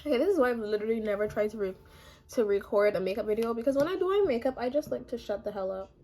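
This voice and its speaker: A young woman with a hoarse voice, chatting casually and a little self-deprecatingly while walking through her makeup routine. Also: on the high side, expressive, racing, warm tone. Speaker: makeup vlogger. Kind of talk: casual makeup tutorial chat.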